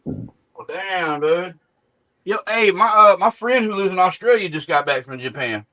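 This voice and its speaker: A man's voice: high voice, lively intonation, unhurried, sharp tone, no room sound. A man hosting a casual chat, reacting with short, laid-back remarks.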